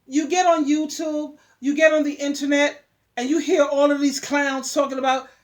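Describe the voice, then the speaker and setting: Woman vlogger, high voice, preachy and scolding, repeats herself for emphasis. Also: level tone, normal speed. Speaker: vlogger giving advice. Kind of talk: emphatic monologue.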